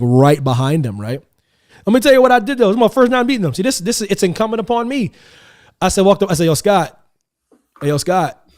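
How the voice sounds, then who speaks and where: A man hosting a podcast, chatting casually and telling animated stories with acted-out quotes. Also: mid-range voice. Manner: animated storytelling, acts out quotes. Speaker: podcast host.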